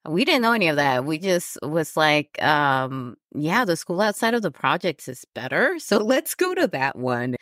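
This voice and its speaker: Woman host, low voice, candid solo podcast talk, dry close recording. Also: a bit bright, no room sound. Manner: candid, laughs at herself, frequent fillers. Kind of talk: personal reflective podcast talk.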